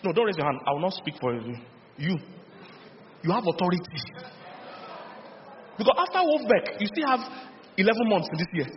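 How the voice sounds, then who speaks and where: Middle-aged Nigerian male pastor, fairly high voice, lively and animated sermon, dull reverberant recording. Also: brisk, long pauses, slight background noise. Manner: lively storytelling with laughs and call-and-response. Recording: dull lo-fi sound with long hall reverb.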